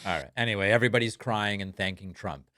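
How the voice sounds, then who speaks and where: A man's voice: lowish voice, fast, pushed and bright. A man hosting a political commentary show, mocking and sarcastic in his delivery.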